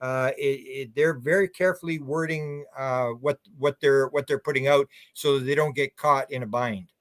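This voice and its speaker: A man's voice: medium pitch, fairly even intonation, normal speed, fairly bright tone, dry recording, clean studio sound. An older man, a researcher guest on a radio interview, talking in long, rambling, opinionated run-on thoughts.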